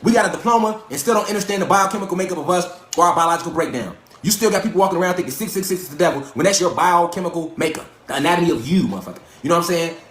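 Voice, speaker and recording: Guy ranting on his live, talks fast n cusses a lot, high voice, echoey room. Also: fairly bright tone. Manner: profane, fast, preachy, mocking impressions. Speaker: livestream host. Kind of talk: casual livestream rant.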